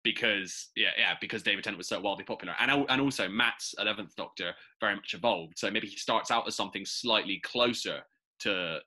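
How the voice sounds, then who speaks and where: Bright, quick-talking male podcast co-host. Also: on the low side, husky. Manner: quick, bright and animated, musing aloud. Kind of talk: casual chat.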